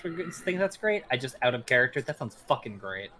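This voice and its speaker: A man's voice: mid-range voice, big pitch swings, quick pace, sharp tone. A man playing in a tabletop game, chatting casually and swearing with friends. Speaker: player. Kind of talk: casual tabletop play, joking.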